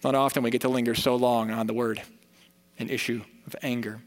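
A man's voice: medium pitch, flat delivery, brisk. A man preaching a sermon as pastor, earnest and conversational, building to emphatic points. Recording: long reverb of a church hall.

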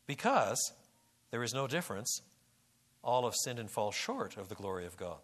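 Animated man teaching Bible verses. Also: mid-range voice, moderate pace, pauses often. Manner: animated, repeats words and restarts, rises to emphatic peaks. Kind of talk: expository Bible lecture.

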